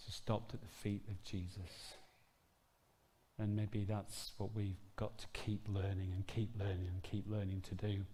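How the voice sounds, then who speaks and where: Preacher in a ringing hall. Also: male voice, on the low side, steady tone, moderate pace, mellow. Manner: conversational, earnest, storytelling. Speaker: pastor. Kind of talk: sermon.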